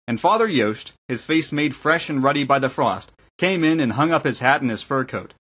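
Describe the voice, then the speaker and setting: A man reading an audiobook aloud in a measured, steady narration with a husky voice. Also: medium pitch.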